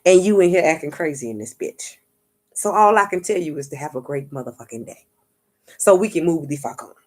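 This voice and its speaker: Low-pitched and a little fast, this woman vlogs and does spiritual readings, here spinning a story in a relaxed monologue full of profanity and street talk. She animatedly plays out other people's lines and repeatedly asks her viewers, "you get what I'm saying."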